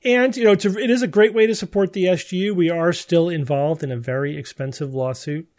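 A man's voice: sits high, a little fast, a little mellow. A man hosting a podcast in casual chat, making wry, teasing remarks. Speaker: podcast host.

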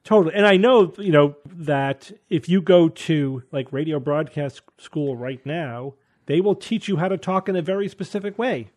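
A man's voice: a little high, normal speed, a little mellow. Thoughtful podcast host man. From Connecticut. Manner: thoughtful, hedging. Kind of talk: casual panel chat.

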